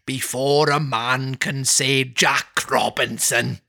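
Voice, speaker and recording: A narrator voicing a fat, jovial old merchant with a Welsh accent, booming and drawn out. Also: fairly even intonation, slow, creaky, pushed and bright, full character voice. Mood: jolly.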